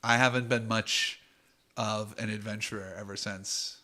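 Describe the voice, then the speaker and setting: A man voicing an aloof, buff elven adventurer woman in a dry, deadpan way. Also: lowish voice, measured pace, voice pushed down.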